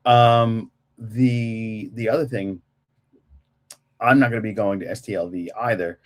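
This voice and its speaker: A man's voice: fairly low pitch, fairly even intonation, unhurried. A man from Germany co-hosting a podcast, chatting enthusiastically and repeating catchphrases. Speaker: podcast co-host. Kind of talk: casual chat.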